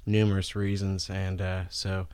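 A young man with a relaxed, rambling way of telling stories, chatting as a musician guest in an interview. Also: low-pitched, a little slow, clean tone, no echo. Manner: relaxed, rambling storytelling with many fillers. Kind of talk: casual interview chat.

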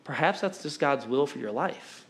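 A man's voice: medium pitch, animated, moderate pace, a bit bright. A married man preaching a sermon to a congregation in a conversational, self-mocking way, with sudden bursts of emphasis. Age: adult, married with children.

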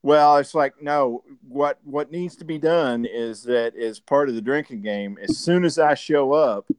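A man's voice: medium pitch, a little slow, clear, resonant tone, no echo. A man, a podcast guest rambling through casual, profane stories between laughs. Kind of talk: casual chat.

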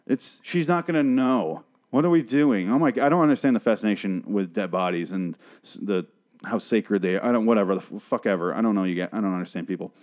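A man's voice: lowish voice, fast, a little mellow. A man hosting a solo TV review show, recapping an episode in a rambling, profane, self-correcting way. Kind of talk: casual solo recap podcast.

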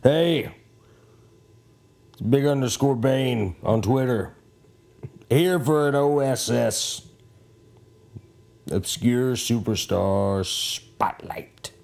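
A man's voice: mid-range voice, takes it slowly, gravelly, pauses often, warm tone. A man hosting a podcast, rambling casually in a profane, joking, self-mocking way at home. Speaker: podcast host.

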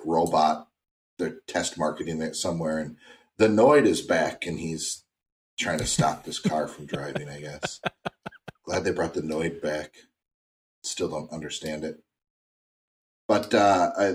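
A man co-hosting a casual talk show, recounting odd news stories in a relaxed, rambling way. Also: deep voice. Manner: relaxed, drifting into tangents with many fillers. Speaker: podcast co-host.

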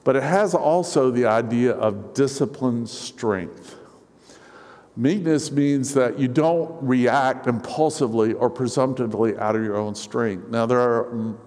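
Earnest male pastor in a reverberant hall. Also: medium pitch. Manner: earnest, personal storytelling with soft asides. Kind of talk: sermon. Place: church sanctuary.

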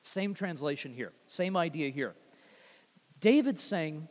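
A man preaching a sermon with animated delivery, swinging from loud rising phrases to quiet low ones and often repeating words. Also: moderate pace. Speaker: pastor. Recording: long reverb of a large hall.

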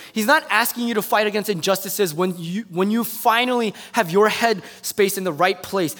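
A man delivers a sermon in a noticeably high voice. He tells stories with animation and swings between soft, hushed stretches and loud outbursts. A long reverb trails his words through the hall. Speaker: preacher.

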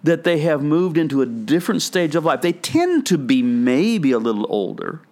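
Sing-song and a little high, yet darkish in tone, an older man talks at a moderate pace. He's a pastor and author in a podcast conversation, casually reflecting and rambling through stories with frequent restarts.

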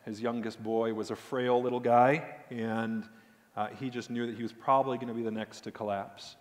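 A man preaching a sermon as a pastor, swinging between loud emphatic points and hushed, emotional storytelling. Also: mid-range voice, flat delivery, moderate pace. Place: church sanctuary. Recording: long hall reverb.

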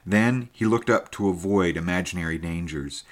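Deep-voiced male storyteller. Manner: measured, steady storytelling. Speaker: audiobook narrator. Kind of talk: scripted narration.

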